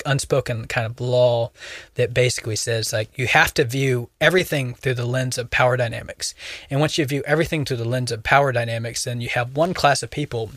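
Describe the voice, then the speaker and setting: A young man talks through a casual podcast discussion, circling his point with plenty of "like" and "you know" and restarting his sentences. His voice sits at a middle pitch and is recorded close and dry, with no room sound around it. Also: a bit bright, dry recording. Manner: rambling, many fillers and restarts. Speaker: podcast co-host.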